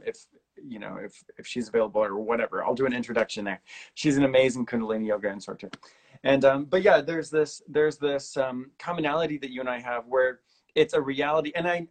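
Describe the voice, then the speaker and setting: A man hosting a podcast, talking in a casual, earnest and rambling way, sometimes mimicking other people with big jumps in pitch. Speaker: podcast host. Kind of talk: casual conversational interview.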